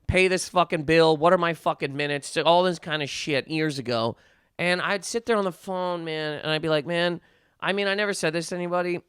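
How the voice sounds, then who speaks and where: A man with a high, bright, forceful voice rants through a podcast monologue, swearing freely and tripping over his own restarts. He sounds close to the microphone in a dry, dead room. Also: clear, resonant tone, no echo. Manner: heated, profane, ranting with many restarts. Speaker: podcast host. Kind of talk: profane comedic rant.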